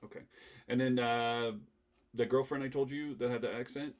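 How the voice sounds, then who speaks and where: A man hosting a casual podcast chat, animated and laughing often as he leads the talk. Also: medium pitch, normal speed. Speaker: podcast host.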